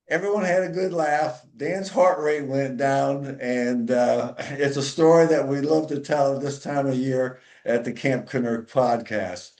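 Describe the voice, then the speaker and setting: A man's voice: medium pitch, darkish tone. Easygoing male podcast host, echoey room. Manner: easygoing storyteller, many filler pauses. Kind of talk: casual storytelling chat. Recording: roomy echo.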